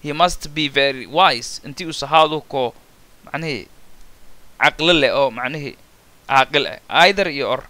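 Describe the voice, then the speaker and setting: A man with a Somali Maay accent teaching an English grammar lesson. He reads each English phrase slowly and then explains it in Somali. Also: on the high side, bright, forceful tone, dry recording.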